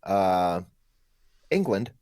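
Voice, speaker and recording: A man co-hosting a casual podcast, telling a story in an animated way. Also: low-pitched, drawn-out words, clean tone. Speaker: podcast co-host. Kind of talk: casual chat.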